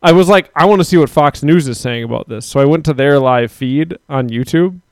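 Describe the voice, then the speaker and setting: A man's voice: a little high, fairly quick, clear, resonant tone, no echo. A man in his thirties co-hosting a casual streamed chat show, rambling with frequent laughs and casual swearing. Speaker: podcast co-host.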